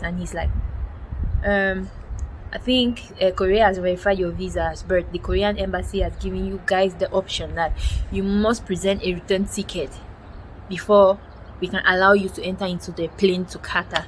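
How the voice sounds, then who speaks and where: A young woman from Cameroon tells a story to camera in a lively, exclamatory way and acts out the lines of the people in it. Her voice sits at an ordinary middle pitch. Steady background noise runs under the recording. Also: poor audio. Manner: animated, exclamatory retelling with quoted dialogue. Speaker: vlogger. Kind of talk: storytelling vlog.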